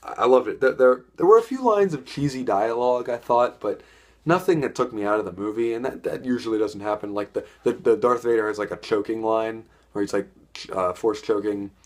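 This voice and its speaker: A man's voice: lowish voice, fairly quick. A young man giving a casual, enthusiastic spoken film review, rambling and repeating words as he goes. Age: young adult.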